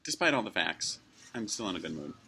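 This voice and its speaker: Low, bright-toned man in his forties, rambling. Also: very animated, a little fast. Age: 40s. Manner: rambling, chuckles often, acts out quoted exchanges. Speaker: vlogger. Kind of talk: casual musing to camera. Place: fast-food restaurant.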